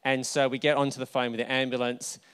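Smooth-voiced Australian pastor telling a story. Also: male voice, medium pitch, flat delivery, quick pace, a bit bright. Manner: conversational, anecdotal, with asides and restarts. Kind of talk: storytelling sermon.

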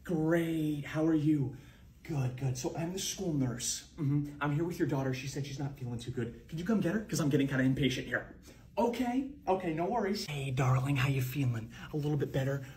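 A man playing a school nurse in a comedy sketch, talking sugary-soft with an impatient edge. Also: on the high side, lively intonation, fairly quick, a little hiss or hum, natural voice. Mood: fake sweet.

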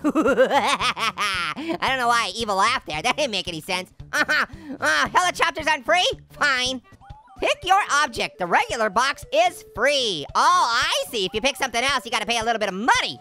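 High lively woman doing game commentary, jokey, laughs a lot. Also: normal speed, faint music behind. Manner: excitable and jokey, punning and laughing, with big pitch jumps. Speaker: gaming channel host. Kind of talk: energetic let's-play commentary.

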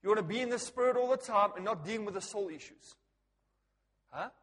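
A man preaching a sermon to a congregation, animated and joking, often laughing and asking the people questions. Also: high-pitched, a little fast. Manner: animated, joking, laughs at his own stories; talks directly to the congregation with frequent questions. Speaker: pastor. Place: church hall. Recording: long reverb of a church hall.

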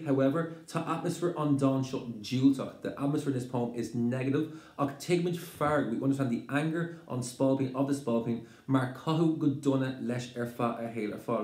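An Irish man gives an exam-prep lesson, explaining things patiently and repeating points in two languages. His voice is mellow and his pitch sits mid-range. The recording has a noticeable roomy echo. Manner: explains slowly, mixing Irish phrases with English glosses. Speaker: teacher.

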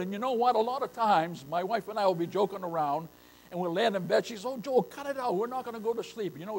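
Older male pastor with a high-pitched voice, delivering an emphatic sermon with loud bursts. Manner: emphatic preaching, calls listeners beloved.

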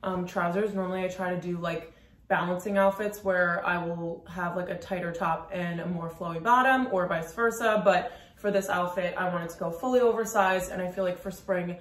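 A woman vlogger chatting casually through her outfits on a lunch break, talking quickly with a lot of "like" fillers. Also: lowish voice, fairly even intonation. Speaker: fashion vlogger. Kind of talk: casual outfit walkthrough to camera. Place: room at home during a work lunch break. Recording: roomy echo.

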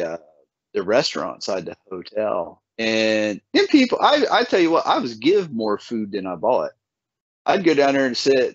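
A man telling a folksy story in casual chat, his voice leaping high whenever he quotes people. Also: no echo. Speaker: podcast guest. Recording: dull lo-fi sound.

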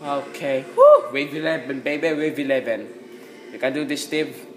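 Excitable man narrating his gameplay. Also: mid-range voice, normal speed, low-quality recording. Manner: excitable, frequent exclamations and yelps; talks to himself while playing. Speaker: gameplay commentator. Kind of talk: casual gameplay commentary.

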